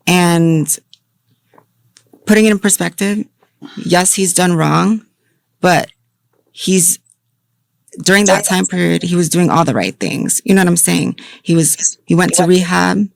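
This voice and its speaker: Brief: female witness, measured recounting, low gravelly voice. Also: fairly even intonation, dry recording. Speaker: friend and bystander in the clip. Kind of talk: calm recounting in an interview.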